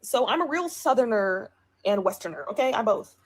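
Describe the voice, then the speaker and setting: A woman's voice: fairly high pitch, expressive, fairly quick. A woman from California in a social media clip, speaking emphatically and repeating her questions. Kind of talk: indignant social media rant.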